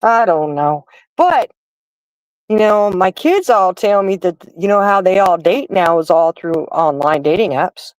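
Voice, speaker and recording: A woman's voice: lowish voice, lively intonation, a little slow, no echo, poor audio. A middle-aged woman hosting a livestream and chatting casually, telling stories straight to her viewers. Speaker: livestream host. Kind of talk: casual chat.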